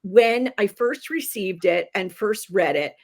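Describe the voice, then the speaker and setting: A woman guest on a podcast, talking animatedly about novels she loves, laughing and adding quick asides. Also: medium pitch, expressive. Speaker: guest book critic. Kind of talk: enthusiastic podcast interview.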